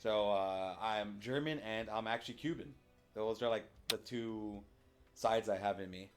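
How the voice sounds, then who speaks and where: A man's voice: on the low side, measured pace, over music. A young man from the United States hosting a podcast, chatting casually in a rambling way with lots of fillers. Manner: rambling, many fillers and restarts. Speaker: podcast host. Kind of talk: casual chat.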